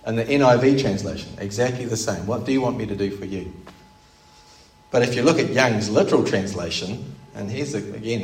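A pastor with a lowish, slightly mellow voice preaches a sermon in an earnest, explanatory way, posing rhetorical questions along the way. He sits back from the mic, so his voice echoes through a large, roomy space.

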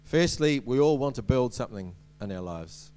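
A man's voice: medium pitch, animated, normal speed, mellow, clear, resonant tone, soft background music. A man giving a sermon as a preacher, in a conversational way with many ums and restarts and light humorous asides.

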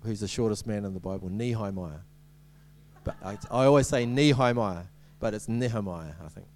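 A man's voice: lowish voice, very fast, darkish tone. A man giving a sermon as a preacher, in a conversational way with many ums and restarts and light humorous asides.

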